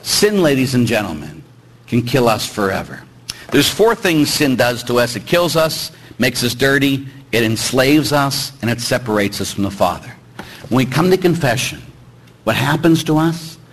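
A middle-aged man, a priest, preaching a sermon in an animated, joking way and acting out little dialogues. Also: mid-range voice, husky, poor audio.

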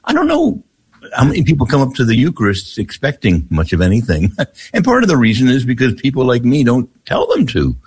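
A middle-aged man, a priest guest on a radio talk show, speaking haltingly and clearing his throat often. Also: medium pitch, huge pitch swings, a little mellow. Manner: halting, many restarts and fillers, clears throat. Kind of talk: prayer and conversational explanation.

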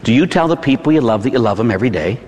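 A middle-aged Catholic priest with a Pittsburgh accent, preaching a sermon in a church in a conversational way, often tagging lines with "huh?" and "right?". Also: male voice, medium pitch, lively intonation, very fast, darkish tone, in a large hall, lo-fi sound. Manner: conversational preaching with rhetorical tag questions.

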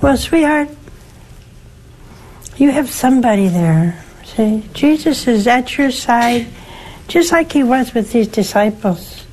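Slow, gentle older woman preaching. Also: fairly high pitch, lively intonation, slight background noise, rough recording. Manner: slow, gentle, emphatic, with rhetorical questions. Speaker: nun hosting a call-in show. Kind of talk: religious teaching and call-in advice.

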